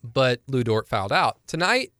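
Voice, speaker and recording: A man's voice: medium pitch, very animated, moderate pace, bright, forceful tone, no room sound. Young male podcast co-host, analytical and chatty, clean resonant tone. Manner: chatty and analytical, laughs easily. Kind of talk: casual sports talk.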